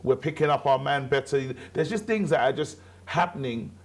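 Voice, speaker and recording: A man's voice: mid-range voice, moderate pace. Passionate man in football chat. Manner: passionate, emphatic, repeats phrases. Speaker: co-host.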